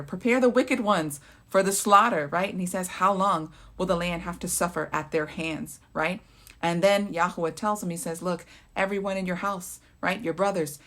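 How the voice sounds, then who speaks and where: A woman leading a Bible study, reading scripture aloud and explaining it, often checking in with "right?". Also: fairly low pitch. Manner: reads verses then explains them, often adds "right?".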